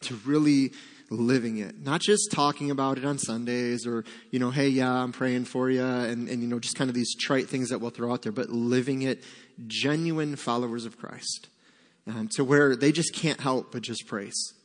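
A man preaching a sermon as pastor, speaking in a heartfelt, halting way with many fillers. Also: mid-range voice, fairly even intonation, long reverb tail. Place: church sanctuary.

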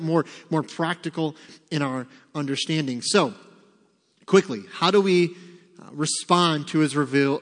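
A man preaching a sermon as pastor, emphatic, acting out quoted prayers and God's replies with rising force. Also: a little high. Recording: long reverb of a church hall.

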